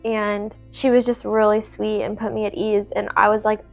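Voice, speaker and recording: A young woman chatting at home, telling her husband a personal story in a lively, casual way. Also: medium pitch, normal speed, gravelly, soft background music. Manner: chatty, animated, laughs often while telling a story.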